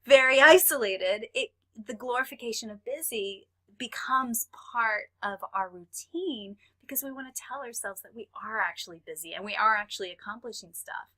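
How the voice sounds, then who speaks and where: A Texan woman chats as a podcast guest, her voice bright and ringing a little above the usual pitch. She tells her stories with animated energy and laughs easily between points. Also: moderate pace, hardly any pauses. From Texas. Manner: animated storyteller, laughs often. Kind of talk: casual podcast conversation.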